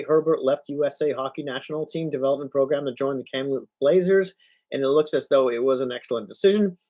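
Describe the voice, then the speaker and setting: A man's voice: mid-range voice, darkish tone. A man hosting a live reaction stream, reading posts and reports aloud with chuckles and many fillers. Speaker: livestream host. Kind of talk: casual live reaction commentary.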